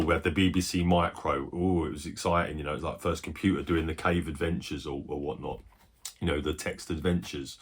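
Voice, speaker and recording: A man in his forties with a low, slightly husky voice, chatting in a loose, rambling way. He swears freely and jumps into quick excited bursts before settling back down. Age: 40s. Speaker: retro game collector. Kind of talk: casual chat.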